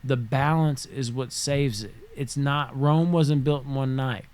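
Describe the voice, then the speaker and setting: A man's voice: mid-range voice, fairly even intonation, measured pace, a little mellow. Rambling, profane male podcast host. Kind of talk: casual solo podcast monologue. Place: home room.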